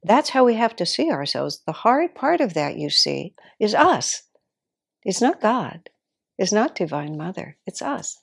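A woman spiritual teacher giving an informal talk, conversational and gently humorous, often breaking into laughter. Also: mid-range voice, big pitch swings, measured pace, vocal fry, husky.

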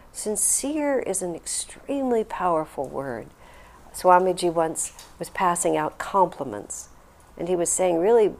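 Answering a question before a group, an older spiritual teacher shares a reflective, earnest story, performing the quoted lines. She speaks on the low side, slightly mellow and with vocal fry.

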